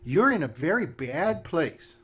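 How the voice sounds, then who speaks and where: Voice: medium pitch, very animated, unhurried. A game master voicing a sweet but creepy female witch in a tabletop game, cooing and doting in a singsong voice.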